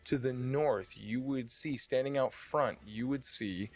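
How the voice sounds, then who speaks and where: A man's voice: medium pitch, measured pace. A man narrating a tabletop game as dungeon master, describing the scene with frequent fillers and restarts.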